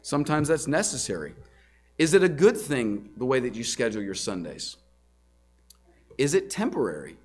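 A man's voice: medium pitch, very animated, moderate pace, pauses often, breathy edge, soft background music. Earnest male pastor preaching a sermon. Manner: earnest, repeats words and restarts, rhetorical questions. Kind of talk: sermon teaching.

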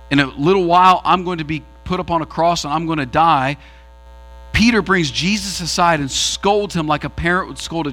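Bright-voiced male pastor preaching. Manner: preaching with sweeping shifts in pitch and pace. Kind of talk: sermon.

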